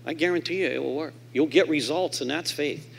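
A man's voice: fairly quick, vocal fry, slightly rough. A man speaking at a convention stage mic, telling his recovery story to the audience and acting out the voices of the people in it. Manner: animated storyteller who acts out quoted voices; swings from loud and emphatic to low and quiet.

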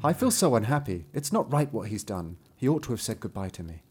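A man voicing a father in a fairy tale, plaintive and demanding, raising his pitch. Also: sing-song, quick pace, a little mellow, slightly rough. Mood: mournful. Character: grieving, greedy father at dinner.

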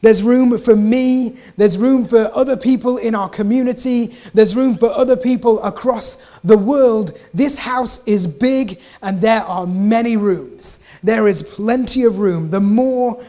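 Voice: mid-range voice, a little slow, hardly any pauses, dark tone. Preacher, conversational sermon delivery, repeats key lines, easy chatty asides. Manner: repeats key phrases for emphasis.

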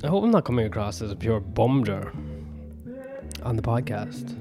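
A man's voice: fairly low pitch, sing-song, normal speed. A young man talks alone on his podcast, rambling from one thought to the next with plenty of swearing and self-mockery. Faint music plays behind him. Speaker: podcast host and comedian. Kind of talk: solo rambling podcast monologue.

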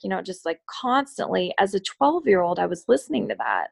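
A middle-aged woman calling in, candidly telling her story in a halting, confiding way. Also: medium pitch, animated, creaky, breathy edge. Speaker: caller. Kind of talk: personal conversation.

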